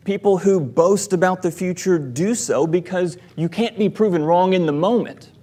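A man, a church elder, preaching a sermon in a measured, deliberate way, giving quoted lines with emphasis. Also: high voice, dark tone. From American South.

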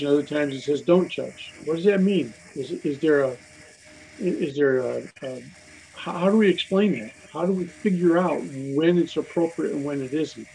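A man teaches a Bible study in an easygoing, conversational way, often stopping and restarting his sentences. His voice sits a little high and has a gravelly edge. A faint hiss runs under the recording. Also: a little mellow, rough recording. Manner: conversational, with frequent fillers and restarts.

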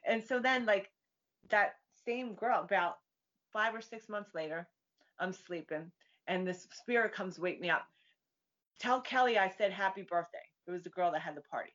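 Lady telling spirit stories in a lowish voice, fast and chatty, kinda muffled audio. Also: fairly bright tone. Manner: chatty storyteller, acts out quoted voices. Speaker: psychic medium guest. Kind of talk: casual interview chat. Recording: dull lo-fi sound.

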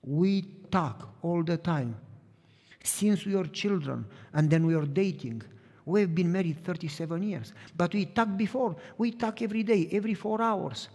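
A man's voice: high-pitched, moderate pace. A middle-aged man preaching a sermon as pastor, telling stories and acting out conversations. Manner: animated storytelling, acting out dialogue. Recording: long reverb of a large hall.

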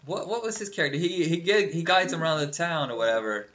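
A man's voice: on the high side, sing-song, fast, a bit bright. A man co-hosting a podcast in casual chat, rambling and swearing, often breaking into goofy cartoon impressions. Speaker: podcast co-host. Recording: dull lo-fi sound.

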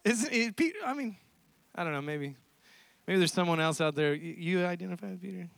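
A man with a high, light voice preaches to his congregation and tells the story with animated energy, breaking into frequent laughter as he goes. The sound is dry and close, with almost no room echo. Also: fairly quick, creaky. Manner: animated storytelling, laughs often between lines. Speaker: pastor. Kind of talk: sermon.

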